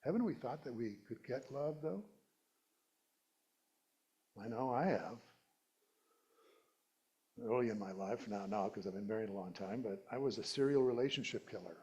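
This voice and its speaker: A man's voice: mid-range voice, normal speed, pauses often, a little mellow. A middle-aged male minister giving a conversational, playful sermon and laughing at his own jokes. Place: church sanctuary.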